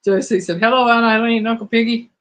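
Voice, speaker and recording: A woman hosting a live trivia chat. Her voice is hoarse, and she talks casually while reading out viewers' answers. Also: a little high, steady tone, quick pace. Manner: chatty, reads out viewers' answers.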